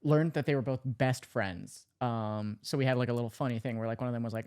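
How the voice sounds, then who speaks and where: A man's voice: mid-range voice, quick pace, hardly any pauses, a little mellow, smooth. A man as the guest in casual chat, rambling, correcting himself and laughing a lot.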